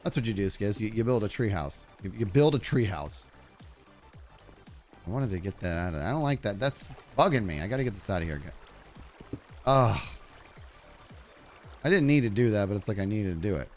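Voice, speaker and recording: A man streaming a game live, telling excitable stories to his chat and narrating his play, his voice turning growly when he gets loud. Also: lowish voice, a little fast, pauses often, soft background music. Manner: excitable storyteller, talks to chat while playing.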